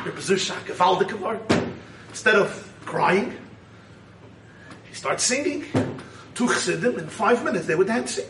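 A man preaching a Hasidic sermon and telling a story, swinging between fervent shouting and hushed tones. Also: high-pitched, animated, moderate pace, pauses often, noisy background. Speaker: rabbi teaching a congregation. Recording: echoey room, voice from a distance.

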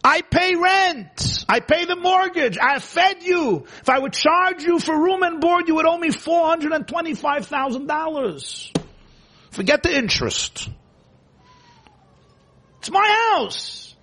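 A man playing an exasperated parent who rants with indignation, his voice pitched high and strained. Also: lively intonation, slow pace, pushed and bright, exaggerated voice. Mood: indignant. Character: exasperated shouting parent, middle-aged man.

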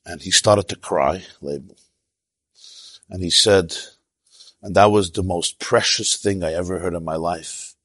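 Man, rabbi, storytelling sermon, low voice, dry close sound. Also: measured pace, long pauses, slightly rough, no echo. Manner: animated, tells stories with quoted voices and asides; sprinkles in Yiddish and Hebrew terms.

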